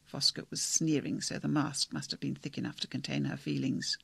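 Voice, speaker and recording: Male audiobook narrator, measured and wry, gravelly and husky. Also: a little high, lively intonation, sharp tone, dry recording. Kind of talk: scripted narration.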